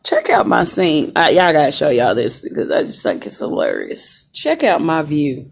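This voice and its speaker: A woman's voice: low voice, sing-song, normal speed, creaky. A young woman chatting casually to viewers from a hospital room on a phone camera, saying y'all and greeting commenters. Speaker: vlogger.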